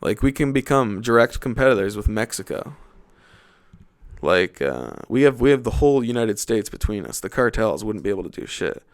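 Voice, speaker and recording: A man's voice: fairly low pitch, big pitch swings, normal speed. A young man from Canada hosting a podcast, rambling and joking casually with plenty of swearing. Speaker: podcast host.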